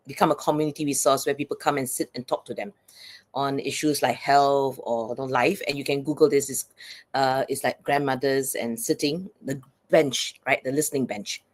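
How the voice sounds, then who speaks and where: A woman speaking as a psychologist and coach guest in an interview, earnest and explanatory, often checking in with "right?". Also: extremely low pitch.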